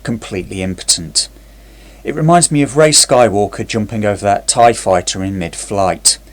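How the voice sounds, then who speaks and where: A man narrating a scripted TV review in a sarcastic, critical way. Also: on the low side.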